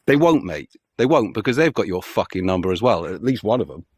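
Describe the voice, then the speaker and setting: A man ranting angrily as a political commentary vlogger, sweary and heated with loud outbursts. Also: lowish voice, big pitch swings, brisk, breathy edge, dry recording, studio quality. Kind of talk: angry profane rant.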